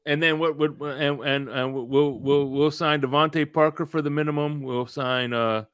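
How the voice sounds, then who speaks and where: A man's voice: a little high, fairly even intonation, moderate pace, a bit bright, smooth, dry recording, clean studio sound. A man hosting a casual sports podcast, joking and often stumbling and restarting his words. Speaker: podcast host.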